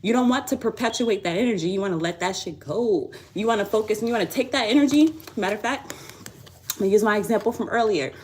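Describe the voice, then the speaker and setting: A woman's voice: mid-range voice, quick pace. A woman tarot reader talking on a live stream, blunt, profane and preachy. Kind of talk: live tarot reading chat.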